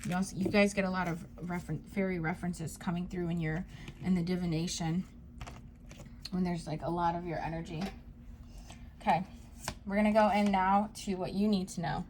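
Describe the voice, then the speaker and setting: A woman giving a tarot card reading to her viewers, talking to them directly in a soft, reassuring way. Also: lowish voice, steady tone, brisk, pauses often, noisy background. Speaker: psychic tarot reader.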